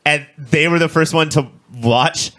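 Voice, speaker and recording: A man's voice: a little high, unhurried, pushed and bright. A young adult man co-hosting a podcast, talking bluntly and profanely in casual, ranting chat. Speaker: podcast co-host. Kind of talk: casual chat about a TV show.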